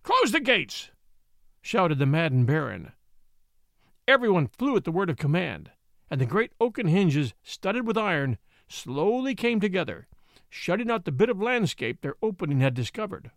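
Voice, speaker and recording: A male narrator tells a historical story in a theatrical, expressive way. His voice sits fairly high and moves around a lot. The sound is dry and close. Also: moderate pace, no room sound. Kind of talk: dramatic audiobook narration.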